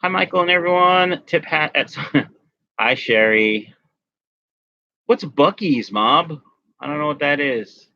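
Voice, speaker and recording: A man's voice: a little high, lively intonation, takes it slowly, pauses often, dry recording, highs cut off. A man hosting a casual fish-keeping live stream, chatting loosely with viewers and greeting them by name while nursing a migraine. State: has a migraine. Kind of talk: casual live stream chat reading comments.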